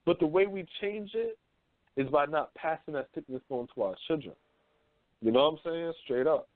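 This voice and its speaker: A man in his thirties hosting a casual talk radio show, swearing freely and telling animated stories. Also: on the high side, normal speed, dry recording. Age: 30s. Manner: loose, profane, animated storytelling. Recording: phone-line call-in radio, dry.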